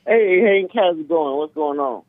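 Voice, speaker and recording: High-voiced male caller on a phone line. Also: animated, unhurried, no room sound. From Los Angeles. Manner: blunt, questioning.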